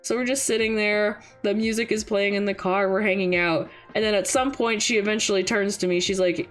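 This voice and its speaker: A young woman streaming casual chat, an animated storyteller who laughs often. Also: mid-range voice, fairly quick, hardly any pauses, soft background music.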